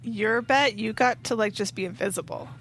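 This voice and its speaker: A woman co-hosting a casual podcast in a relaxed, wry manner. Her voice sits fairly high. There is a faint hum of room ambience behind her. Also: moderate pace. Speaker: podcast co-host. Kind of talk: casual chat.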